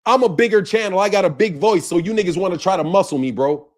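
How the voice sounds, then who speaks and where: A high-voiced man delivers a fired-up rant on his boxing channel. He is confrontational and profane, circles back on the same points again and again, and talks straight at his target. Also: fast. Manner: heated, confrontational, profane, repeats himself. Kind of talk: ranting commentary to camera.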